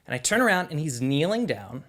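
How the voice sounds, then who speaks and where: Animated young man telling a story. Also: fairly high pitch, brisk. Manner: animated, conversational, lots of "like". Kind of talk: live personal storytelling.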